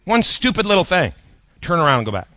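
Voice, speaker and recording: Folksy preacher man, crisp. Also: high voice, very animated, fast talker, bright, forceful tone, no echo. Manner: folksy, conversational with rhetorical questions to the audience. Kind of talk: sermon storytelling.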